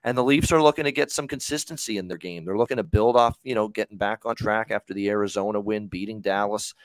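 A man's voice: on the low side, fast talker, no echo. A man hosting a hockey betting show, talking casually with lots of fillers and the odd swear word. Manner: rambling, profane, filler-heavy.

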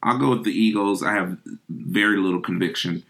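A man co-hosting a sports podcast, talking casually with dry, deadpan humor. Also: sits low, fairly quick, vocal fry. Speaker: podcast co-host.

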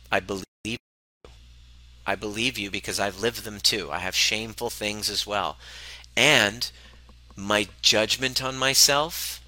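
A man's voice: fairly low pitch, sharp tone, rough recording. A man coaching a live group on relationships, speaking emphatically and bluntly, swearing freely and repeating phrases for emphasis. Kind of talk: motivational talk to a live group.

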